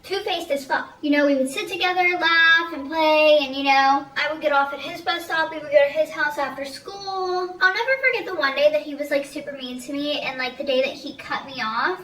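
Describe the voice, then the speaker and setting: A woman's voice: sits high, sharp tone. A woman telling a storytime vlog in a frank, chatty way and swearing freely. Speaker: storytime vlogger. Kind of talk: casual storytime chat. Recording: roomy, slightly distant, faint noise.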